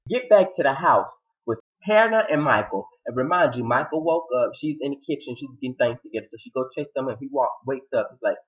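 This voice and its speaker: A man giving a casual, animated recap of a TV drama episode, retelling scenes dramatically and acting out the characters' lines. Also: mid-range voice, brisk, hardly any pauses, highs cut off. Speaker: TV show reviewer.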